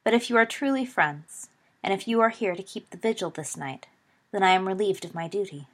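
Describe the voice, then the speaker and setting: A woman voicing a calm, solemn young male centaur who speaks slowly and formally, with a husky voice. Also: mid-range voice, natural voice. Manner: slow, measured and formal.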